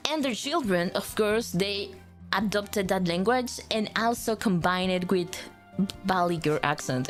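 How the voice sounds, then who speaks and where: A woman's voice: medium pitch, unhurried, soft background music. A young woman, a native Spanish speaker with a Latin American Spanish accent, chatting casually on a stream, rambling with lots of fillers and restarts and joking about herself. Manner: rambling, with many fillers and self-corrections; joking and self-deprecating. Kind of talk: casual chat.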